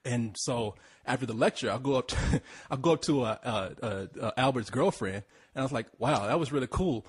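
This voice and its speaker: Husky man telling a rambling story. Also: a little fast. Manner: rambling, swears freely, repeats words, pitch leaps when mimicking. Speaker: podcast co-host. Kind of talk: casual storytelling chat.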